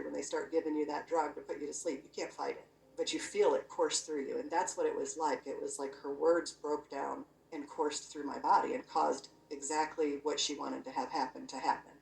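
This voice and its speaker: A woman with a low, gravelly voice shares her personal story, earnest and chatty, leaning on "you know" as she goes. She sounds set back from the mic in an echoey room. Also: a little mellow, distant mic. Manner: earnest, conversational, full of "you know" and "I'm like". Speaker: guest sharing a near-death experience. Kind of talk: personal testimony, casual storytelling.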